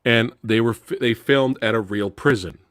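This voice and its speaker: A man hosting a casual live movie review, telling stories with lively delivery and acting out the voices of people in them. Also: medium pitch, moderate pace, dry recording, studio quality. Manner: animated storyteller, acts out voices, laughs loudly. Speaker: podcast host.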